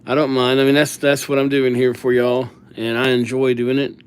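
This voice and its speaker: In a casual calligraphy livestream, a young man jokes and chats while writing viewers' names and assigning them goofy nicknames. His medium-pitched voice is monotone, clear, and resonant, at a normal speed.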